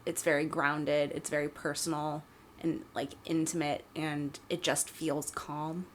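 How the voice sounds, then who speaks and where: Low-voiced woman, faint hiss. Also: flat delivery, unhurried. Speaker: podcast co-host. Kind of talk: casual chat.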